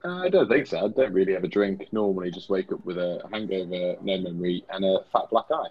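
A British man co-hosting a comedy podcast, giving dry, deadpan replies in scripted pub banter. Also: low-pitched, fast talker, husky, muffled recording. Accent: British English. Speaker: podcast co-host.

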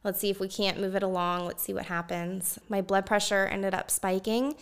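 A woman guest telling a personal story in conversation, animated and laughing often as she talks. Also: medium pitch, normal speed, smooth.

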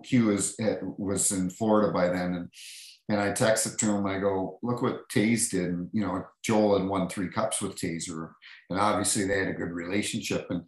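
A middle-aged man with a fairly low voice tells stories in a relaxed, chatty way, acting out other people's lines and restarting sentences. The room around him is noticeably echoey. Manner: animated anecdotes, acting out quotes, many restarts. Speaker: podcast guest, former hockey referee. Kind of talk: casual storytelling.

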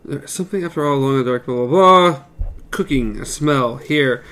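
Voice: mid-range voice, normal speed, a bit bright. A co-host in a casual book chat who reads passages aloud and skips parts loosely. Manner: reads aloud, skipping with "blah, blah".

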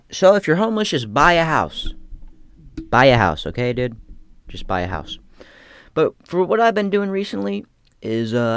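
A man's voice: lowish voice, no echo. A young man talking in a casual rambling monologue, slangy and profane, with lots of restarts. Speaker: aspiring comedian.

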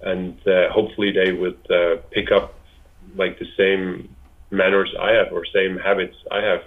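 A man's voice: sits low, level tone, normal speed. A man in his twenties from Switzerland, a guest chatting casually in an interview, hesitant with many fillers and restarts. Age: 20s. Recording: tinny phone-like line.

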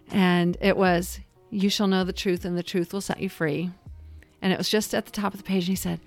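A woman's voice: lowish voice, fairly even intonation, fairly quick, gravelly, soft background music. A woman who leads a church group, talking about her faith in a heartfelt, emphatic way on a casual podcast. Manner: warm storytelling, heartfelt, emphatic.

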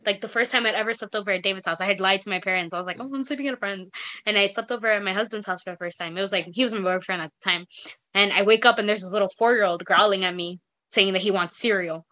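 A woman's voice: mid-range voice, fast talker, pushed and bright. A young woman co-hosting a podcast, telling rambling stories with lots of fillers. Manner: chatty, rambling storyteller with many fillers. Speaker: podcast co-host. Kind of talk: casual chat.

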